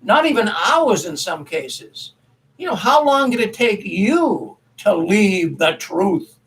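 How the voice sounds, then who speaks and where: A man's voice: high-pitched, very animated, slow, fairly bright tone, slightly rough, low-quality recording. A man hosting a casual commentary show, telling a story in a rambling, folksy way and correcting himself as he goes. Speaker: commentary host.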